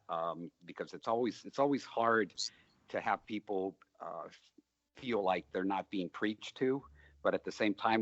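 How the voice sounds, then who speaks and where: A man's voice: lowish voice, no room sound, dull audio. An older man, a film director, answering interview questions in a rambling, storytelling way with many fillers. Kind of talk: relaxed interview talk.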